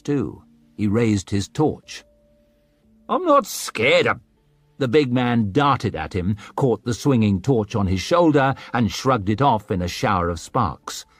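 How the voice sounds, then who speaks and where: A man narrating an audiobook in a dramatic, expressive storytelling manner. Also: fairly low pitch, no room sound.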